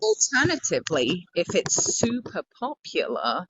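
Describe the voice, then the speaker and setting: A woman co-hosts a painting live stream from her garage, upbeat as she tells viewers what to do. Her voice sits on the low side. The sound is dull and dry, as if carried over a call. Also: huge pitch swings, measured pace, a bit bright, slightly rough, no echo. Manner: upbeat, gives viewers instructions. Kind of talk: casual live-stream chat.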